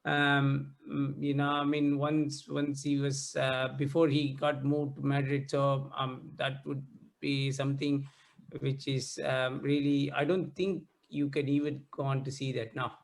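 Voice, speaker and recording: A man co-hosting a football podcast, talking casually with many hesitant pauses. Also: medium pitch, completely flat delivery, vocal fry. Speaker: podcast co-host.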